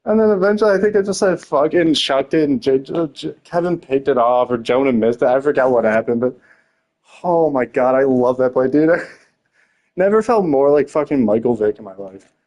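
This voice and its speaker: A man's voice: medium pitch, a little fast, darkish tone. A young man telling rambling stories in casual chat, laughing often, swearing and filling his talk with slang.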